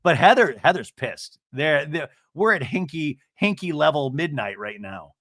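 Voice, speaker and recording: A man's voice: on the high side, big pitch swings, normal speed, a bit bright, no echo, clean studio sound. A man hosting a podcast, giving a chatty reality TV recap full of "like" and "you know". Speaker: podcast host.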